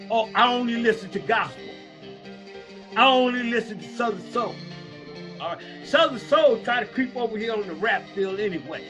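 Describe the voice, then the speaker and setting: Man, slight North Louisiana accent, casual host chat, emphatic slang, bright tone. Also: very high voice. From Los Angeles. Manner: animated, emphatic, slangy street talk.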